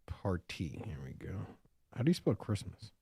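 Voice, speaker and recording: A man's voice: fairly low pitch, wildly swooping pitch, fairly quick, creaky, mellow, husky, dry recording. A man hosting a livestream, talking in a hyped, playful showman way. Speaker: host. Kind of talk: casual livestream chat.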